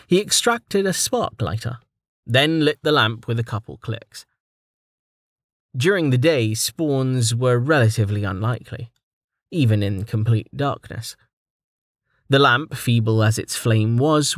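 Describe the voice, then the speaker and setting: A man narrating a fantasy webnovel audiobook in a steady, even reading voice. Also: medium pitch, no room sound, studio quality. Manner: steady, even reading, stat lists read out plainly.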